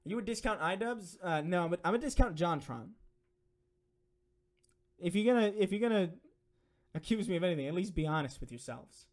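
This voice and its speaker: A man's voice: high-pitched, lively intonation, fairly quick, long pauses. A young man streaming, reading donation messages and answering viewer questions in a rambling, profane, filler-heavy way. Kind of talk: casual live-stream Q&A.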